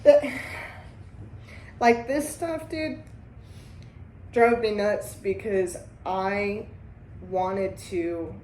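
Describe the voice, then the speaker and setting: A woman's voice: medium pitch, extremely slow, pauses often, a little mellow, far from the mic, a little hiss or hum. A woman hosting a recovery group talk, speaking bluntly and emphatically with heavy swearing. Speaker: host. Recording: echoey room.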